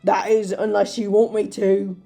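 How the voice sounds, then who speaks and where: A woman's voice: mid-range voice, level tone, moderate pace, gravelly, warm tone, soft background music. A woman reading aloud and voicing a brooding young male killer from a fan story in an exaggerated, put-on British accent, melodramatic and overwrought. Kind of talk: comedic dramatic reading.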